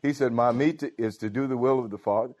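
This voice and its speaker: A male pastor preaches in a loose, conversational way, often calling out to his congregation. His voice sits at a middle pitch. The church recording sounds a little dull and lo-fi. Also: fast talker, darkish tone. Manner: informal preaching with frequent call-outs to the congregation. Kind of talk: sermon.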